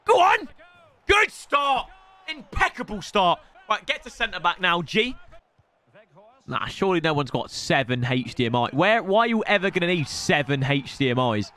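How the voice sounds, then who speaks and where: Trash talk for the opponent and shouts at big moments fill this young man's excitable gameplay commentary as a streamer. His pitch is fairly high and his speed normal.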